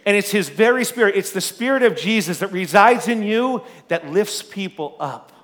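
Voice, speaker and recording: Pastor, male, high-pitched, loud and animated, preaching through a story. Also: normal speed. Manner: loud speaking voice. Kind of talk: sermon.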